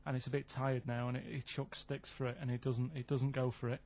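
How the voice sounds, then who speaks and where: A man in casual studio chat, plain and unhurried as he tells a meandering tale. His voice is medium in pitch, and the recording sounds a little dull. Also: flat delivery, a little mellow. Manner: plain, rambling storyteller.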